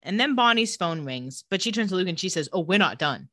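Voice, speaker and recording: A brisk, animated woman co-hosts a podcast, casually recapping a TV episode and performing the characters' quotes in lower voices. The audio is clean studio sound without echo.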